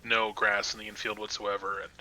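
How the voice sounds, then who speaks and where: Guy doing a goofy fake boston-new york accent, low and really bright and piercing, just rambles on. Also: flat delivery, a little fast, a little hiss or hum, rough recording. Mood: rambling. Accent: mock Boston-New York hybrid. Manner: rambling, folksy storytelling. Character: wacky dim guy with a thick put-on accent.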